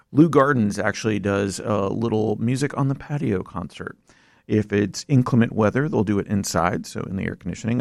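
A man's voice: lowish voice, gravelly, dry recording. A young man hosting a college radio show from a studio, chatting casually and rambling with fillers and apologies. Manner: rambling, self-deprecating, lots of fillers. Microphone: studio mic.

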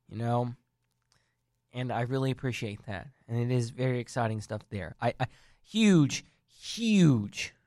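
A man's voice: medium pitch, no room sound, clean studio sound. Earnest man rambling about wrestling. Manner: earnest, rambling, frequent restarts. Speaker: wrestling commentary vlogger. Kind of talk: casual wrestling news talk.

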